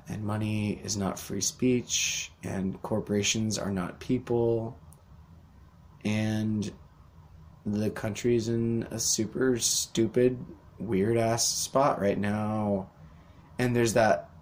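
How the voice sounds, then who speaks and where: A man's voice: lowish voice, flat delivery, slow pace, long pauses, a little mellow, slight background noise. A young man hosting a podcast, delivering a rambling, profane rant with sarcastic asides. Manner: rambling, sweary, sarcastic mock voices. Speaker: podcast host. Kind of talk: profane ranting monologue.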